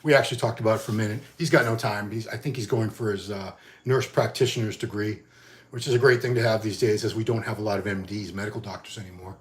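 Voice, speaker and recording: Here a man in his 50s hosts a solo vlog for a bodybuilding magazine, chatting in a loose, rambling way with frequent fillers and restarts. He speaks quickly, with a lowish voice and fairly even intonation.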